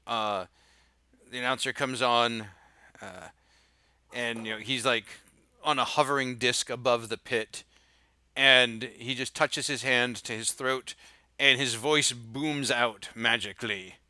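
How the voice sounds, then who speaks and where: A man's voice: medium pitch, fairly even intonation, takes it slowly, sharp tone, no echo. A young man narrating as game master, describing the action in a storytelling way with frequent fillers.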